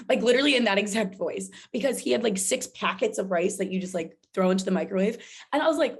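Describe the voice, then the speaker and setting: A woman's voice: mid-range voice, fast, hardly any pauses. A woman guest on a podcast, telling a personal story in casual chat and animatedly acting out the dialogue she quotes.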